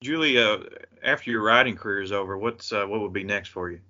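A man with a Kentucky accent, co-hosting a podcast and asking casual questions in a folksy, halting way with many "uh"s. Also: fairly low pitch, pushed and bright, dull audio. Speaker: podcast co-host. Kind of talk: casual interview.

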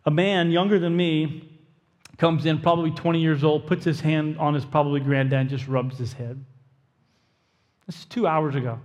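Storytelling pastor in a reverberant hall. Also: male voice, a little high. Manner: storytelling, conversational, talks to himself in quotes. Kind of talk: sermon.

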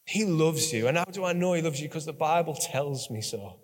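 Man, preacher, sermon, high voice, earnest and repetitive, long hall reverb. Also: expressive, brisk. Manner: earnest, repetitive and conversational, with audience prompts.

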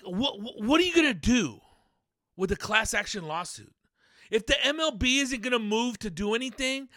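Male ranter, high animated voice, swears heavily, stammers into shouts. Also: dry recording, clean studio sound. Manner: angry, profane, loud outbursts, repeats words. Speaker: sports rant commentator. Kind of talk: profane ranting monologue.

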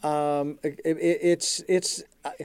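A man hosting an interview program, talking in a halting way and often repeating words as he gathers his thoughts. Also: fairly high pitch, a little mellow, no room sound, soft background music. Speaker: program host. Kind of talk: conversational interview.

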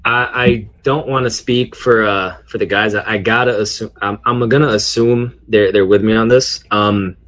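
A man co-hosting a podcast, speaking in a measured way with some hesitations. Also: fairly low pitch, fairly even intonation, fairly bright tone. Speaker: podcast co-host. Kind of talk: casual podcast chat.

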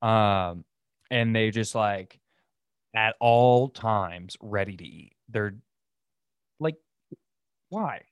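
A man's voice: on the low side, takes it slowly, pauses often, clean tone, no echo, studio quality. A man hosting a casual solo podcast, rambling through stories with lots of fillers and restarts. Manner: rambling, filler-heavy, loose storytelling. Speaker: podcast host.

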